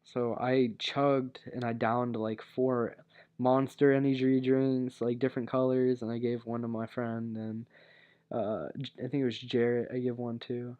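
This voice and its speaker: A man's voice: medium pitch, level tone, measured pace, clean tone. A young man casually telling a personal story, rambling with many fillers and restarts. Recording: dull lo-fi recording.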